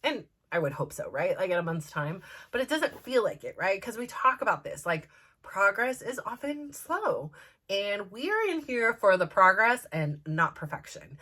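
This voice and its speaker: A woman's voice: medium pitch, sing-song, normal speed, pushed and bright. A woman in her forties hosting a personal vlog, talking candidly and casually. She rambles a little and leans on "like" as she talks. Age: 40s. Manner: candid and chatty, full of "like" fillers. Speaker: host.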